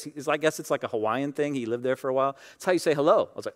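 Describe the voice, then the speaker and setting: A man preaching a sermon in a conversational way, often saying "like", dropping to quiet asides and rising to loud, emphatic bursts. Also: mid-range voice, very fast. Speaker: pastor.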